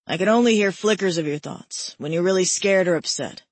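A woman voicing a brooding, centuries-old half-wolf man with a gravelly voice in an audiobook. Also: on the low side, a little fast, dry recording, natural voice.

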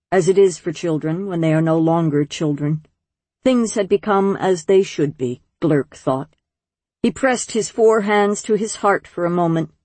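Slow, low-voiced woman narrating. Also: slightly rough, dry recording. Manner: measured, gentle storytelling. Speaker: audiobook narrator. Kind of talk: scripted narration.

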